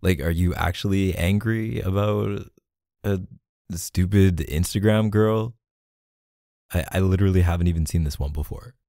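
A man's voice: low voice, moderate pace, dark tone, dry recording, clean studio sound. A man voicing a defensive boyfriend in a jealous argument, in a whispered role-play, pleading and flustered, sighing often.

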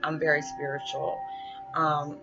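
A woman's voice: low voice, little pitch movement, measured pace. A woman vlogging casually to her viewers, rambling with many fillers and calling them y'all. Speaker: spiritual vlogger. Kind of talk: casual direct-to-camera talk. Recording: muffled audio with background music.

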